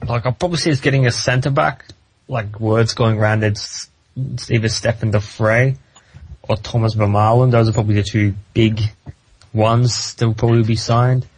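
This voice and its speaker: Halting male podcast guest, dry sound. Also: mid-range voice, fairly even intonation, breathy edge, no echo, poor audio. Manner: halting, loose answers with many fillers. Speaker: podcast guest, football fan. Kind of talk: casual football podcast chat.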